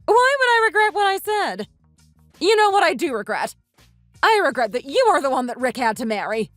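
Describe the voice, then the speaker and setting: A woman's voice: sits high, big pitch swings, normal speed, fairly bright tone, no room sound, faint music behind. A woman voicing a snobbish, spiteful young woman in a voiced texting story, with haughty, sneering outbursts. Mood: scornful.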